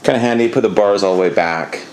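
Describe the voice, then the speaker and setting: Male, low voice, easygoing DIY vlogger who rambles and grumbles mildly; faint noise behind. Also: quick pace, a little mellow. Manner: laid-back, rambling, mildly exasperated. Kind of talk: casual how-to narration.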